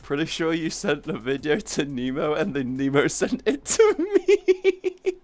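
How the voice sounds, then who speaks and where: A woman's voice: deep voice, big pitch swings, a little slow, a little mellow. A woman streamer in casual livestream chat who laughs often and swears freely as she teases her friends.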